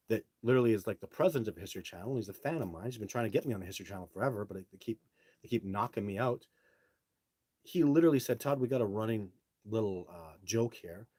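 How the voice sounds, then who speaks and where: Brash, husky-voiced man hosting live. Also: fairly low pitch, a little mellow, no room sound. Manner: blunt, brash storytelling. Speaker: live show host reading viewer comments. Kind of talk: casual live-stream chat. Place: home setup, speaking to a phone.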